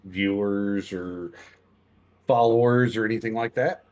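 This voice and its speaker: A man's voice: lowish voice, darkish tone. A man co-hosting a casual stream chat, teasing the guest and interviewing her. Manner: teasing, halting with restarts. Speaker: podcast co-host.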